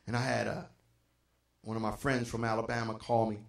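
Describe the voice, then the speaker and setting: A man's voice: medium pitch, level tone, fairly quick, creaky. A male pastor preaching a sermon, swinging from impassioned emphasis to near-whispers and repeating phrases for effect. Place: church sanctuary. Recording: echoey church sanctuary.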